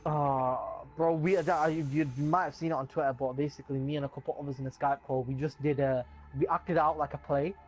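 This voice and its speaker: A young man, chatting excitedly about movies in gushing slang. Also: a little high, fairly quick, hardly any pauses, faint music behind. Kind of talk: casual chat.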